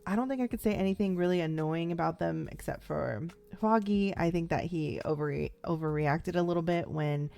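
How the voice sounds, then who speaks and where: Rambling young woman, mellow low voice. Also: normal speed, vocal fry, hardly any pauses, clear, resonant tone. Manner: rambling, lots of "like" and "um" fillers; playfully acts out characters' lines. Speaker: vlogger reacting to a TV series. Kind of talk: casual first-time-watch reaction chat.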